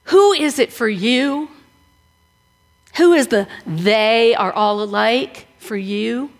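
A woman's voice: on the high side, expressive, slow, soft background music. A woman pastor from the northern United States, giving a conversational sermon full of rhetorical questions. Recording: long reverb of a large room.

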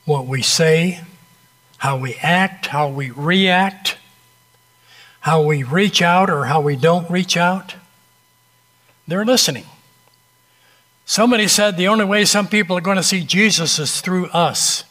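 A man preaching a sermon, telling an illustrative story with dramatic pauses and a conversational, direct manner. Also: high voice, a bit bright.

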